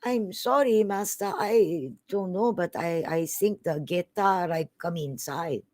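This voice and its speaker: A flustered young maid apologises haltingly, as a woman storyteller puts her on. Her voice sits a little higher than the narrator's. The sound is dry and close. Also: a little mellow, no room sound. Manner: hesitant, apologetic.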